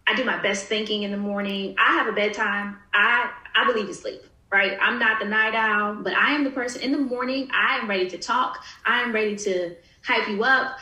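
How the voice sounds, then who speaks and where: A woman guest on a podcast, talking in an animated, emphatic way with frequent laughs. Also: fairly high pitch, echoey room, low-quality recording. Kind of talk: casual podcast interview.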